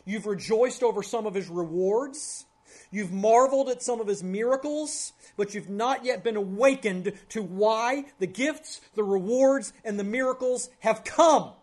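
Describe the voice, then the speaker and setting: A male pastor preaching an Easter sermon in a church service, building to loud, high climaxes, then dropping to a hushed prayer. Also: measured pace.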